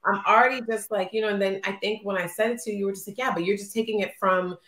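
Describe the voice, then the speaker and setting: Talking fast in a mid-range, slightly bright voice with a steady tone, this woman co-hosts a podcast from a reverberant room. She's postpartum and speaks candidly and emotionally about a friendship in casual chat, often acting out the quotes.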